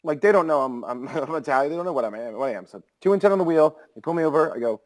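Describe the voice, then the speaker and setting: A man in casual podcast chat, rambling and animated, peppering his stories with filler words. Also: a little high, racing, few pauses, poor audio. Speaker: podcast co-host.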